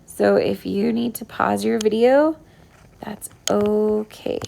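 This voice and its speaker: A woman's voice: on the high side, creaky, darkish tone. A woman teacher giving a recorded phonics lesson to young pupils, patient and sounding out each word. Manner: slow, patient, sounding out words. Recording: iPad whiteboard voice recording.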